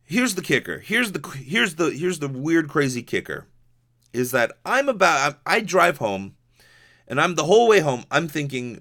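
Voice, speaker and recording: A man's voice: a little high, sing-song, normal speed, fairly bright tone. Young hawaii guy rambling on his podcast, swears a lot, keeps restarting sentences. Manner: rambling, profane, many restarts and fillers. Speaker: podcast host. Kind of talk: casual monologue.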